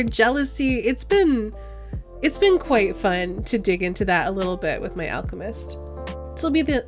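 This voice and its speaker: A woman streamer wrapping up a stream in casual, meandering chat, often giggling. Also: on the high side.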